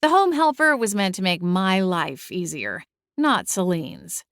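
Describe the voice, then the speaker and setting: A young adult woman narrating a first-person audiobook, expressive and exasperated in the dialogue. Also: mid-range voice, measured pace, no echo, studio quality.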